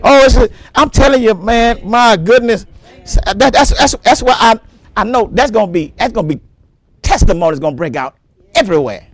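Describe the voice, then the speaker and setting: High, lively preaching pastor. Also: male voice, moderate pace, dry recording. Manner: animated preaching, repeats words, laughs often, exclaims praise. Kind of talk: sermon.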